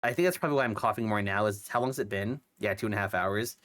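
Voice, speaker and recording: A man's voice: lowish voice, fast talker, fairly bright tone. A young man who is sick with a cough, chatting casually on his stream, rambling with lots of fillers and restarts. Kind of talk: casual chat.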